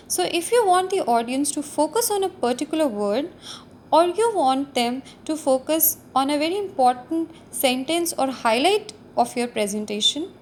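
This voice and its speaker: A woman's voice: high voice, a little hiss or hum. A woman teaching a recorded lecture over slides, explaining terms and stressing key words.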